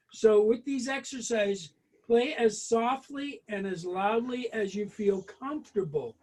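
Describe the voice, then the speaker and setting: Brass lesson leader, male, high-pitched, chatty and halting with frequent fillers. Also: darkish tone. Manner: chatty, hesitant, many ums and restarts. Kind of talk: casual spoken music lesson.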